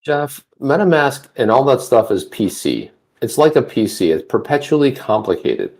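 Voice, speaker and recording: A man co-hosting a casual livestream chat, rambling with many restarts and getting animated when he rants. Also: medium pitch, moderate pace. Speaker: co-host. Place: home office.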